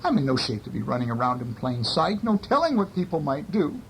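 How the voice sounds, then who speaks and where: A man's voice: mid-range voice, sing-song, fairly quick, gravelly, slight background noise, poor audio. A man voicing a timid, worried patchwork creature in a bedtime storybook, fretful and self-pitying.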